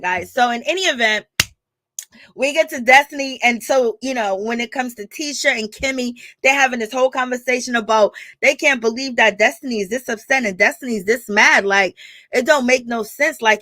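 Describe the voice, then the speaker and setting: A woman hosts a casual recap chat, animated and quick to laugh. Her voice sits high and bright, and the recording is close and dry with no room sound. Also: no room sound. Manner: animated, laughing, expressive reactions. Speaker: reality TV recap host.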